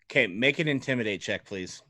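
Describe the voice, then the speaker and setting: A man's voice: mid-range voice, lively intonation, brisk, pushed and bright. A playful man narrating as game master of a tabletop game, laughing easily.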